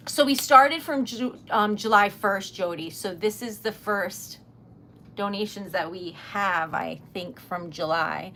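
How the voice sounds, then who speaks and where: Her mid-range voice is a bit bright, and there's slight background noise. The young livestreamer, a small-business owner from Rhode Island in the US, crafts on camera while chatting casually, emotionally and with plenty of giggles and fillers.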